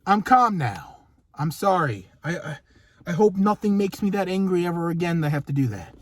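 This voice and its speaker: Young male co-host, loud swearing rant, big swings in pitch, dry close sound. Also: moderate pace, no echo. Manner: excitable, profane, ranting. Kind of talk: casual movie review chat.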